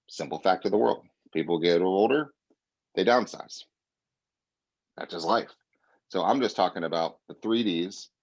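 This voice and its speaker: Emphatic man with dull lo-fi sound. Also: lowish voice. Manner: emphatic, repeats "right?". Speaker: real estate trainer. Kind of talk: sales team pep talk.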